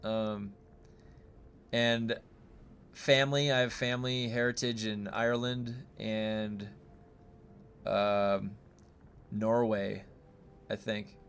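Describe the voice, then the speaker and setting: A man's voice: on the low side, steady tone, slow, long pauses, fairly bright tone, clean tone. A man from the United States streaming a game and chatting casually with viewers, rambling with many fillers and restarts.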